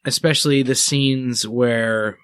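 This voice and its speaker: A man's voice: mid-range voice, fairly even intonation, takes it slowly, fairly bright tone, clean tone, dry recording. A man co-hosting a podcast, searching for words as he describes a movie's style. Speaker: podcast co-host. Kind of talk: casual movie review chat.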